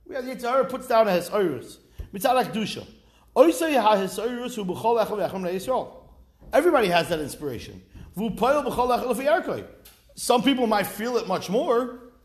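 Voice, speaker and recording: A man giving a Torah class, reading Hebrew text and explaining it in English with animated, rising emphasis. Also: high-pitched, fairly quick. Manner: animated, rising to near-shouts when stressing points. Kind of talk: spoken Torah lesson.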